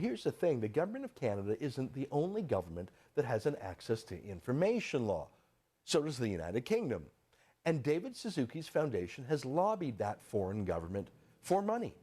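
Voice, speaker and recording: A male commentator speaking sarcastically, with a slightly high voice. He throws out rhetorical questions and his pitch swings dramatically, giving the commentary a theatrical bite. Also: a little mellow.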